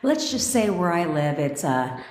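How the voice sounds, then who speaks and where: A fired-up woman in her thirties from California, coaching her livestream viewers in blunt, profane, heated bursts. Her voice sits a little low, and she talks into a phone in a room with a clear echo. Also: big pitch swings, a little slow, a little mellow. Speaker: manifestation coach. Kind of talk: casual livestream talk. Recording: roomy echo.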